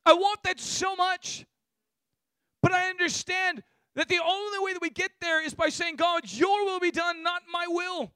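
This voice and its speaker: A man preaching a sermon with passion, building to shouts. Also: extremely high pitch, steady tone, moderate pace, dry recording, studio quality. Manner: impassioned, rising to shouts.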